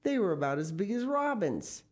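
A woman's voice: medium pitch, sing-song, moderate pace. A woman reading a children's story aloud expressively, with casual asides. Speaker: story reader.

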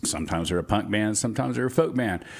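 A man's voice: fairly low pitch, expressive, fast, creaky. A man from Atlanta, hosting a community radio music show in a rambling, chatty way. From Atlanta, Georgia, US. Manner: rambling, chatty, self-amused. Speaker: radio DJ host. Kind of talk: casual radio chat.

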